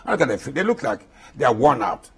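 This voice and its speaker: Husky old ghanaian guy in his 80s, voice rises and falls a lot, keeps repeating himself. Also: medium pitch, big pitch swings, fairly quick, a bit bright. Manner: impassioned, repeats himself for emphasis. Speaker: guest. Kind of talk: interview.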